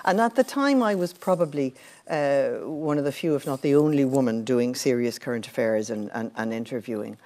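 An older Irish woman, a former television journalist, telling anecdotes in a relaxed interview. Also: rumbling low, fairly quick. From Ireland. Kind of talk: casual storytelling.

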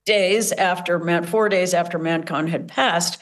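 Earnest, low-voiced American woman. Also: steady tone, measured pace. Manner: earnest, reflective, emotional at times. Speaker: guest. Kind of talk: conversational storytelling.

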